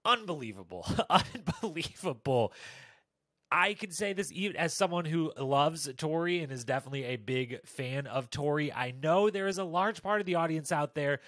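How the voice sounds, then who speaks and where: Man, recap host, a bit high-pitched, animated delivery, dry close mic. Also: brisk, hardly any pauses, no echo. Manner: animated, jumps pitch for quoted lines. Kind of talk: casual commentary.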